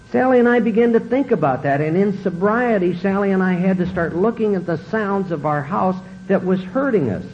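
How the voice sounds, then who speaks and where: Middle-aged man, earnest testimony speaker, acts out dialogue; muffled old recording with faint rumble. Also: expressive, fairly quick, hardly any pauses. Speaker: recovery speaker. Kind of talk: personal testimony talk.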